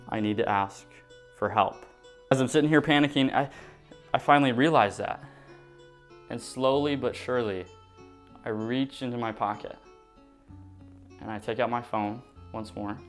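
A young man tells a storytime vlog with animated, dramatic delivery, swinging from excited bursts to hushed moments. His voice sits at an average pitch. Soft guitar music plays faintly underneath. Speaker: vlogger.

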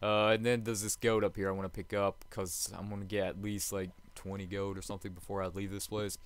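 A man hosting a let's play, chatty and jokey, swinging from hushed murmurs to loud excited outbursts. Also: lowish voice, fairly quick. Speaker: gaming channel host.

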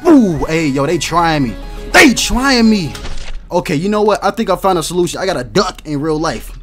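A young man doing loud, slangy, excitable let's-play commentary, swearing and shouting at game characters. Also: fairly high pitch, fast, soft background music. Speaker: gaming YouTuber.

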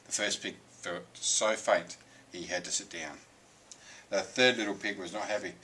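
A man reading a children's picture book aloud with lively, expressive storytelling. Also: low voice, normal speed, rough recording. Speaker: reader.

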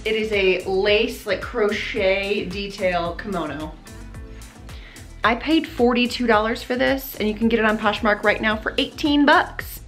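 A woman's voice: mid-range voice, a little slow, a bit bright. A woman in her thirties chatting casually about clothes in a bubbly way, laughing often. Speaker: fashion vlogger. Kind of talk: casual try-on haul chat. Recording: echoey room, faint background music.

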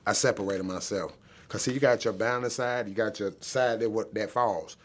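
A man's voice: on the low side, fairly even intonation, moderate pace. A man telling his own story in a testimonial interview, plain-spoken and earnest, asking himself rhetorical questions. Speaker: program client.

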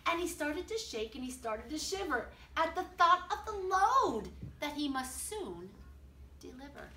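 An older woman reading a picture book aloud to children in an expressive, sing-song way, stopping to ask them questions. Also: high-pitched, a little slow. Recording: roomy, from a distance, faint noise.

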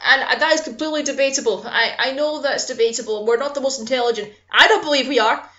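High-voiced impassioned woman ranting. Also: fast, hardly any pauses, sharp tone, dull audio. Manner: impassioned, swearing, apologizing for getting angry. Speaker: YouTuber. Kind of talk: personal vlog rant.

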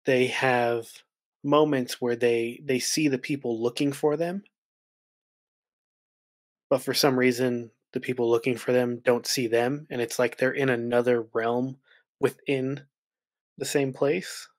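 A man's voice: medium pitch, fairly even intonation, a little slow, no echo, studio quality. Easygoing male podcast host. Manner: brief affirmations and laughter. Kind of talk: casual interview.

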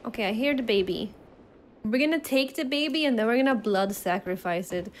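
High-voiced woman chatting while gaming. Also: lively intonation, fairly quick, slight background noise. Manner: chatty, giggly, reacting aloud. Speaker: streamer. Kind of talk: casual gameplay commentary. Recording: game music behind voice. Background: game music.

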